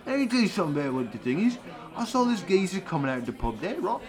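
A man's voice: very animated, racing, crowd noise. A man voicing a brash young male English pub lad with a put-on English accent, rambling and boastful. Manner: boastful rambling, high-pitched.

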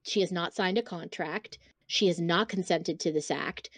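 A woman's voice: fairly low pitch, normal speed, fairly bright tone, no room sound. A woman co-hosting a casual podcast, talking bluntly and swearing freely as she reads book excerpts aloud. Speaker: podcast co-host. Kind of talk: casual chat.

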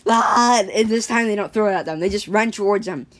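A woman casually telling an improvised story, rambling and animated, with sound effects. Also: medium pitch, fast, a little hiss or hum.

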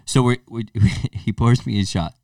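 A man's voice: mid-range voice, measured pace, vocal fry, no echo, clean studio sound, distant mic. A man co-hosting a podcast, chatting casually and acting out the people in his stories. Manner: animated storyteller acting out voices. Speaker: podcast co-host. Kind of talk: casual chat.

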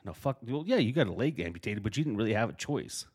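A man's voice: fairly low pitch, fast talker, breathy edge. A middle-aged man co-hosting a podcast, telling a story in casual chat with lots of swearing and acted-out quotes. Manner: profane, animated storytelling, acting out quotes. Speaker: podcast co-host.

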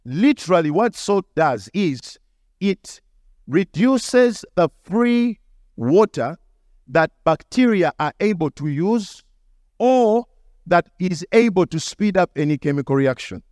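A male pastor delivers a sermon with a fairly high voice. He teaches through stories and now and then acts out the people in them. The sound is dry and close, with hardly any room. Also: big pitch swings, takes it slowly, darkish tone, dry recording. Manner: storytelling preacher, acts out the people in his stories.

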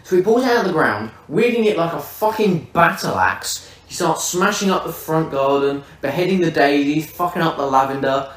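Podcast host, man, lively profane storyteller, slightly high voice, echoey room, mic set back. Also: moderate pace, hardly any pauses. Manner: vivid, swearing, comic storyteller. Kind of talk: casual storytelling. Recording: roomy, distant mic.

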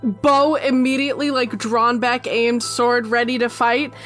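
A woman's voice: on the high side, flat delivery, measured pace, a bit bright, soft background music. A young woman narrating a tabletop game as game master, casual and full of "like" and "um". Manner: casual, lots of "like" and "um".

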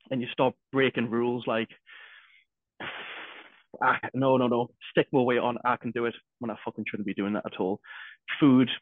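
A podcast co-host talks casually and with lots of energy, swearing heavily and restarting sentences. His voice is medium-pitched, and the recording sounds dry and tinny, like a phone.

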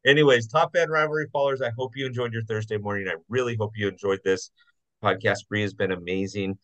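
Enthusiastic low-voiced podcast host. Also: male voice, fairly even intonation, fast, fairly bright tone, no room sound, poor audio. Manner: enthusiastic, repeats phrases, jokey. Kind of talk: casual podcast interview.

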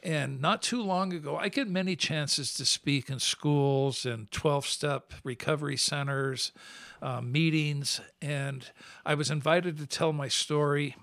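Earnest man with a gravelly, higher voice. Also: steady tone, measured pace, a bit bright, dry recording. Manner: earnest, heartfelt testimony. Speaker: guest. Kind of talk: podcast interview storytelling.

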